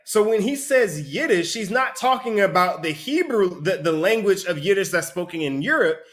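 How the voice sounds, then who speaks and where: A man teaching a Bible study, explaining the text in an animated way and often asking "right?". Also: high-pitched, moderate pace. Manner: animated, asks rhetorical questions, repeats "right?". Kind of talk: sermon-style teaching with a reader.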